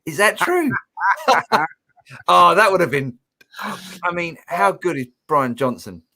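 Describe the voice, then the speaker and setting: A man's voice: on the high side, expressive, slow, vocal fry, bright, forceful tone. A man co-hosting a live music Q&A stream, upbeat and reading out viewer comments and questions. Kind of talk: casual live-stream chat.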